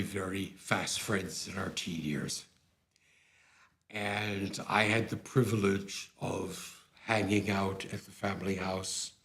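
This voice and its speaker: An older man with a lowish voice tells personal stories to an audience. He talks anecdotally, slipping into the voices of the people he quotes with sudden jumps in pitch. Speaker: former opera music staff head, speaker. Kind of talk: storytelling talk to an audience.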